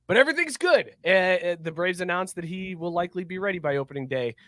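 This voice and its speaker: A man's voice: high voice, lively intonation, quick pace, pushed and bright, no room sound, clean studio sound. A man hosting a casual podcast, laughing often and telling eager stories. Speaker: podcast host.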